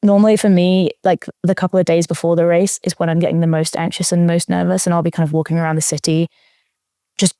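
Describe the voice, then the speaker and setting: A woman's voice: on the low side, little pitch movement, fast talker, warm tone, clean tone, no echo. A young adult woman talking casually as an interview guest, thoughtful, with frequent fillers and restarts. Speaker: interview guest, marathon runner.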